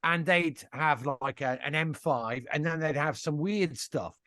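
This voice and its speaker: A man's voice: fairly high pitch, unhurried, bright, forceful tone, dry recording, studio quality. A man co-hosting a casual talk show, chatty and chuckling as he tells a story. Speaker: co-host. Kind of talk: casual chat.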